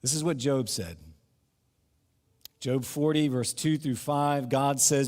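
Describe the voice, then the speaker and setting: A middle-aged man preaching a sermon in a church, animated and acting out the crowd's questions. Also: medium pitch, slow pace, pauses often. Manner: animated, acts out crowd voices, laughs between points. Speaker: pastor. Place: church sanctuary. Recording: long reverb of a hall.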